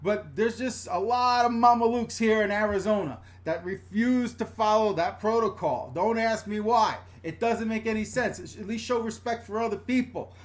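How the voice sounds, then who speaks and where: A middle-aged man from the New York and New Jersey area rants on a live stream from a room at home. His voice sits high for a man. He is blunt and chatty, swears freely and reads viewer comments aloud as he goes. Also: normal speed, hardly any pauses. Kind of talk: casual live-stream rant.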